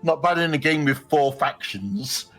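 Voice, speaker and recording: A man playing a strategy game online, chatting in an animated way. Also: fairly high pitch, moderate pace, faint music behind. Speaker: player. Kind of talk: casual multiplayer game chat.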